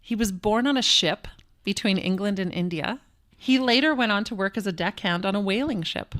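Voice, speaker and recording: A woman's voice: mid-range voice, moderate pace, a bit bright. Playful woman co-host. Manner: playful, jokey, laughs often. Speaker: podcast co-host. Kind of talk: casual chat.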